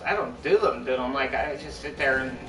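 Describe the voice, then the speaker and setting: A man's voice: medium pitch, brisk, background noise. A young man live-streaming, chatting casually to his viewers in a rambling, repetitive way that keeps restarting its sentences. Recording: echoey room, far from mic.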